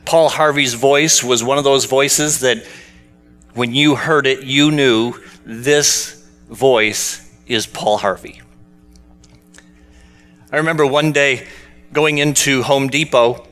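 A man's voice: medium pitch, fairly bright tone. A man preaching a sermon in a conversational storytelling way, asking the congregation questions as he goes. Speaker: pastor.

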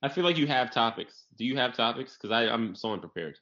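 A young man in casual, profane comedic chat, trading quick riffs and jokes. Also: mid-range voice, animated, fairly bright tone. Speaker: podcast co-host. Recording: dull lo-fi recording.

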